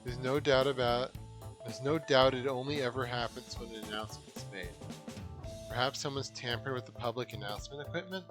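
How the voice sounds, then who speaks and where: A man voicing a worried aquarium manager in a video game, polite and pleading. His voice sits in a middle pitch. Game music plays clearly behind him. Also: brisk, natural voice.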